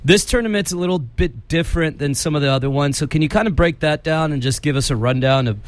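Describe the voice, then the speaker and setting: A man's voice: fairly high pitch, fast, dry recording. A man hosting a casual sports podcast, easygoing and leading the segments. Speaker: podcast host. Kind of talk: casual chat.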